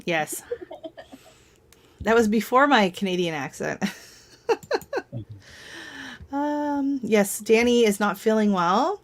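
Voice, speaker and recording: A woman's voice: a little high, expressive, takes it slowly, long pauses. A woman hosting a casual live stream from home, chatting and telling rambling stories with frequent laughs.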